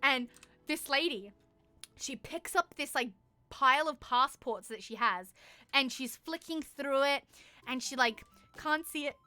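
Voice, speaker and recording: A young adult woman streamer telling a story to her chat in an animated, swear-heavy way, often laughing. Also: sits high, measured pace, no echo. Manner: animated, profanity-laced, laughs through the story.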